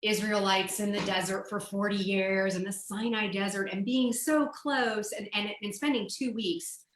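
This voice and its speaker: A woman from the United States, a guest telling a personal story in a lively, chatty way, often saying "like" and "you know". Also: medium pitch, normal speed, roomy sound, slight background noise, low-quality recording. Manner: lively, acts out quoted dialogue, frequent "like" and "you know".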